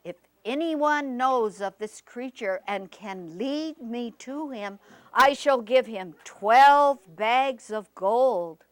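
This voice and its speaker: A woman storyteller voicing a proud, wealthy village man who speaks loudly and commandingly. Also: fairly high pitch, slow, no echo. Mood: proclaiming. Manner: loud and commanding.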